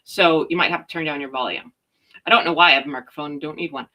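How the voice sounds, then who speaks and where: A middle-aged woman from Canada hosting a casual livestream, loud and chatty with a slight stutter, reading out viewers' comments. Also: low-pitched, fast, muffled recording. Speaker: livestream host.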